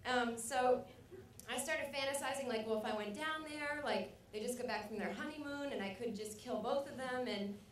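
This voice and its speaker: A young woman rambles through a stand-up set, mocking herself and breaking into loud acted outbursts. Her voice sits a little high. She is heard from a distance in an echoey club. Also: moderate pace, a little hiss or hum. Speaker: stand-up comedian. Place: comedy club stage. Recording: echoey club recording from afar.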